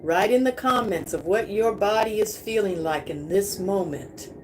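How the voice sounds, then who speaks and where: A middle-aged woman leading a live spiritual healing session as a guided meditation, slow and affirming, repeating her phrases. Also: medium pitch, a little mellow, slight background noise, rough recording.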